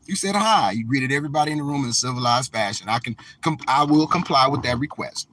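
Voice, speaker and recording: A man hosting a casual live stream, talking to his viewers in a slow, emphatic, preachy way. He stretches out the words he wants to stress. Steady car and road noise runs loudly under his voice. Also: mid-range voice. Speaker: livestream host.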